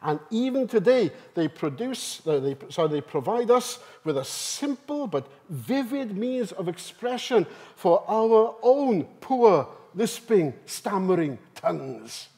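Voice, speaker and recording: A man giving a conference seminar talk. He is emphatic and lively and often turns questions to the audience. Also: sits high, takes it slowly, hardly any pauses. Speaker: seminar speaker. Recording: live talk in a hall.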